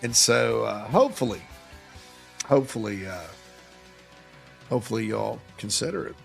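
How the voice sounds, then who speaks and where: A man hosting a sports talk show, chatting casually and joking with quick asides. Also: lowish voice, expressive, gravelly, soft background music.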